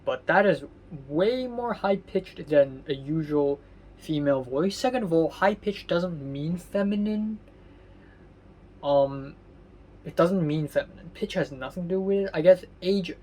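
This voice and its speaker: A man's voice: on the high side, darkish tone. Rambling man in a vlog diary. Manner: rambling, halting with many fillers and restarts; candid and mildly sardonic. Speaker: vlogger. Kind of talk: casual spoken diary. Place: at home.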